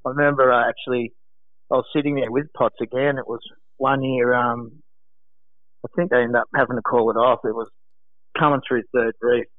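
An Australian man calling in to a radio show from home, telling stories in an animated way, laughing often and acting out quotes. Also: mid-range voice, brisk, no room sound. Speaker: guest, former lifeguard. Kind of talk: casual storytelling on a radio call. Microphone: phone. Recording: tinny phone line.

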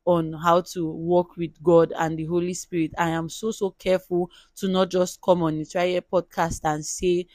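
Nigerian-accented solo podcast host, earnest and repetitive, even pitch, dry close sound. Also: no echo. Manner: earnest, repeats words while gathering thoughts. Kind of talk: solo faith podcast monologue.

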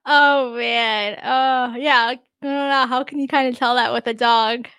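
A woman's voice: fairly high pitch, steady tone, measured pace, pushed and bright, smooth, dry recording, clean studio sound. A woman co-hosting a podcast in casual chat, laughing often and saying "like" a lot. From United States. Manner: giggly, says "like" often. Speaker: podcast co-host.

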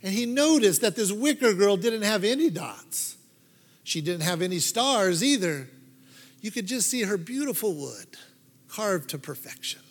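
A man telling a story as part of a sermon, animated, swinging from loud to hushed, heard in a large hall. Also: high voice, measured pace. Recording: long hall reverb.

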